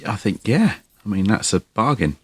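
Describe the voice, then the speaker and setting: A man, co-hosting a podcast in relaxed, explanatory chat. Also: lowish voice, moderate pace, slightly rough, no room sound. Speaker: podcast co-host.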